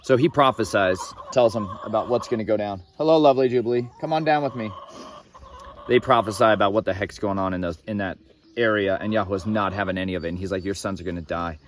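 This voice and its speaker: A man's voice: on the low side, quick pace. A young man casually retelling Bible stories outdoors in a farmyard, rambling and opinionated, drifting into digressions. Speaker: Bible teacher. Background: chickens clucking.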